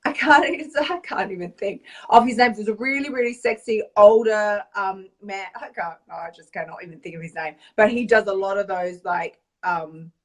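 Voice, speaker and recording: A woman weight-loss coach chatting through an animated, casual vlog monologue, often tagging lines with "right?". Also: medium pitch, normal speed, few pauses, far from the mic. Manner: animated, chatty storyteller, tag questions.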